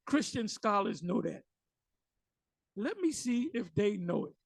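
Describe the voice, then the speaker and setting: A man with a high, gravelly voice teaches scripture in a loose, conversational way, speaking straight to his listeners and pushing them to look things up. The sound is dry and close. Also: very animated, measured pace, long pauses, no room sound. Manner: conversational and challenging, addresses listeners directly. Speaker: Bible teacher.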